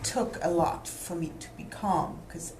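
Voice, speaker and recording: A lower-voiced woman lays out her concerns as a parent, pausing and restarting as she searches for words. The room is roomy and echoey, with faint hiss under her voice. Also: darkish tone. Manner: worried, halting explanation. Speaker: parent asking for advice.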